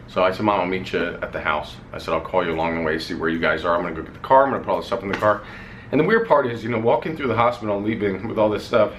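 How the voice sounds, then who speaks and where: A man's voice: fairly low pitch, a bit bright, a little hiss or hum. A man vlogging, telling a personal family story in a candid, rambling way with casual swearing.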